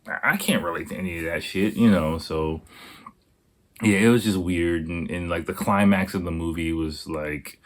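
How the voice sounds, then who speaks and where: A man hosting a podcast, talking in a rambling, casual monologue full of swearing, fillers and restarts. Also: sits low. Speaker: podcast host.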